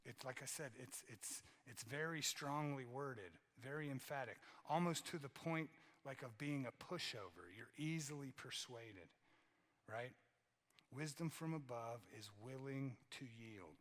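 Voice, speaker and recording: Man, pastor, conversational sermon, mid pitch, repeats phrases, long church reverb. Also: unhurried, fairly bright tone. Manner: conversational, keeps asking "right?". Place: church sanctuary.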